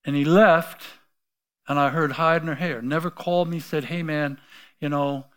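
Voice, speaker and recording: A middle-aged man preaches from the pulpit, telling his story in a slightly high voice. He acts out the voices he quotes and swings between hushed asides and loud, forceful bursts. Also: fairly even intonation, moderate pace, clean tone. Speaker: pastor. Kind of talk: sermon.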